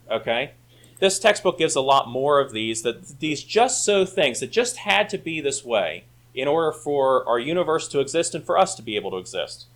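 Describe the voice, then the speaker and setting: A man's voice: medium pitch, a bit bright. A man teaching a church Sunday school class, arguing his points emphatically and reading passages aloud. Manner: emphatic, rising to argue points.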